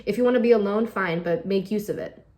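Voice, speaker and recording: A woman's voice: medium pitch, fast talker, a little mellow. A woman doing a casual weekly tarot reading, talking directly to the listener and coaxing them, often ending lines with "okay?" or "all right?". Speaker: tarot reader.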